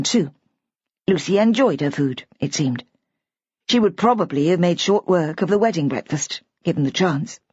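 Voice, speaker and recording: A woman narrating an audiobook mystery with measured, expressive storytelling. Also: on the low side, slightly rough, dry recording. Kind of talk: scripted narration. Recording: dull, dry lo-fi audiobook recording.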